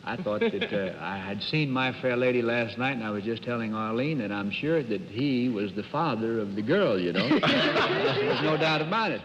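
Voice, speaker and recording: A man's voice: mid-range voice, very animated, normal speed, long reverb tail, highs cut off, crowd noise. A man who is a guest panelist on a 1950s TV game show, speaking in a genial, self-deprecating way with hesitant restarts. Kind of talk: casual on-air banter. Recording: old 1950s TV broadcast with loud audience.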